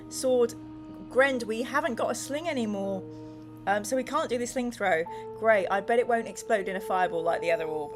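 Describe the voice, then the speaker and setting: A woman's voice: a little high, moderate pace. A woman streamer reading a gamebook aloud to her live chat, playful and dramatic as she chats with viewers. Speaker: streamer and host. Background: music.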